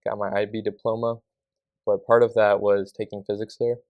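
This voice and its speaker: Young male guest, low-ish voice, dry close sound, earnest and casual. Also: flat delivery, moderate pace, no echo, phone-quality sound. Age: young adult. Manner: earnest, with lots of "like" fillers. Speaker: podcast guest. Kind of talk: casual interview answers.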